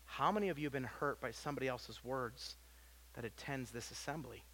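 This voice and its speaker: Emphatic pastor with bright voice. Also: male voice, fairly quick, a little hiss or hum. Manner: emphatic preaching, rises loud then drops low; self-interrupting with repeated words. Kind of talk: sermon.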